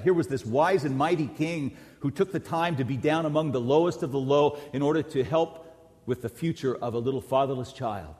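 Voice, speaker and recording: A middle-aged man preaching at an ordinary pitch, pressing his points with sudden loud bursts and soft, low drops. His voice rings out through a large church hall with a long, trailing reverb. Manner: emphatic preaching that swings between loud peaks and quiet drops. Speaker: pastor. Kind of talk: sermon.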